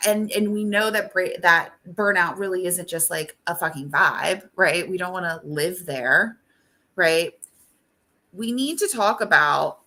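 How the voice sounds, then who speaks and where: Bright-voiced woman life coach, blunt and casual. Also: lowish voice. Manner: casual and blunt, swears freely, asks "right?" after most points. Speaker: life coach and show host.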